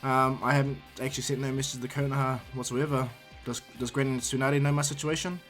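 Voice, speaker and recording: A man's voice: little pitch movement, brisk, a bit bright, soft background music, close to an everyday voice. A man voicing a cheeky, whiny young bald ninja hero in a fan-made storytelling video. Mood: sheepish. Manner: high strained complaining delivery.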